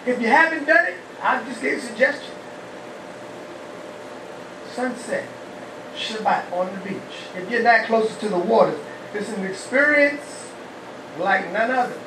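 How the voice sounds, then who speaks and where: A rabbi gives a lively call-and-response sermon, asking the congregation questions and shouting praise. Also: male voice, high voice, unhurried, pauses often, background noise. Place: humid, warm house of worship. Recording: echoey hall, mic far off.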